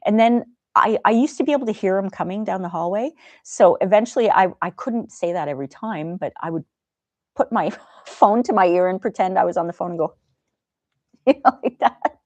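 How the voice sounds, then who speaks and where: A woman hosting a livestream in a gentle, chatty way, reading viewer comments aloud. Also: medium pitch, brisk, no room sound. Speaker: livestream host. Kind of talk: casual chat.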